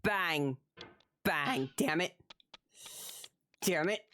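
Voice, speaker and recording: A woman live-streaming gameplay, commenting as she plays, swearing and yelling at the game, then talking herself back to calm. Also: low voice, moderate pace. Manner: animated, swears, yells at the game.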